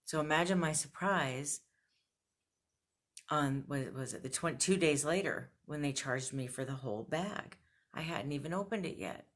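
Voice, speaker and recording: A woman's voice: low-pitched, moderate pace. A woman vlogger venting to camera, blunt and frustrated, laughing between complaints. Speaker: fashion subscription box vlogger.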